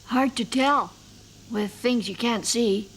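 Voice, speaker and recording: A woman voicing a gentle, curious young male troll in a cartoon, speaking earnestly and softly. The voice is dubbed over a cartoon music score. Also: on the high side, slow pace, a little hiss or hum. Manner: earnest, soft-spoken, easily puzzled. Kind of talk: cartoon voice acting.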